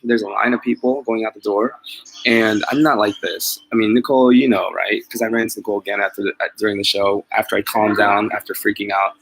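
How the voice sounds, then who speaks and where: Rambling, low-voiced man chatting to viewers. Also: fairly even intonation, fast, gravelly, a bit bright, a little hiss or hum, low-quality recording. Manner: rambling, self-deprecating, laughs often, many fillers and restarts. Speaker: mobile pet groomer vlogger. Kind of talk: casual chat to live viewers.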